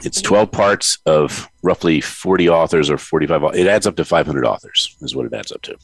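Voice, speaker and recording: A man hosting a casual interview, talking enthusiastically with halting restarts. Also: rumbling low, vocal fry, no echo.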